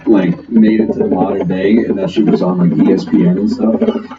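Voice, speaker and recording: A man's voice: deep voice, fairly even intonation, fairly quick. A young man chatting casually with friends while gaming, laid-back and joking, swearing freely. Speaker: gamer. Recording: lo-fi stream audio with loud game music.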